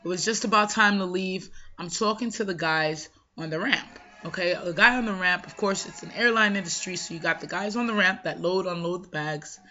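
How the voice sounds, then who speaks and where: A woman's voice: on the low side, brisk, few pauses, pushed and bright, faint music behind. A Jamaican-born woman hosting an episode, talking conversationally with emphatic rhetorical questions. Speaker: podcast host. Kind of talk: motivational monologue. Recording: dull lo-fi sound.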